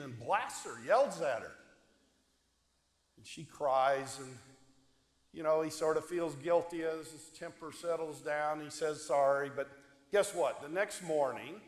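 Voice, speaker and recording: Male deacon, conversational homily, asks the pews questions, long church reverb. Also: on the high side. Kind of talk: homily, storytelling. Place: church sanctuary. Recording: echoey church hall.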